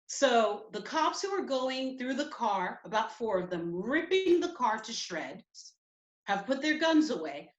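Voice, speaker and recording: A woman telling a personal story at a community event, emotional and halting. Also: a little high, a bit bright, roomy sound.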